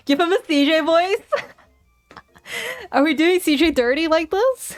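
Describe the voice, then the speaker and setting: A woman's voice: very high-pitched, animated, measured pace, pauses often, no room sound, faint music behind. A woman streamer reading a dating game aloud in a playful, casual way, chatting with her viewers between lines. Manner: playful, laughs often, reads game text aloud.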